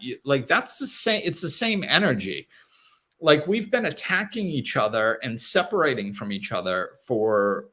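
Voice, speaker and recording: A man's voice: medium pitch, fairly bright tone. A man hosting a live talk show, speaking in a loose, conversational way, often restarting phrases and acting out other people's reactions. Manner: casual, conversational, repeats words and restarts often, acts out quoted reactions. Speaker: host.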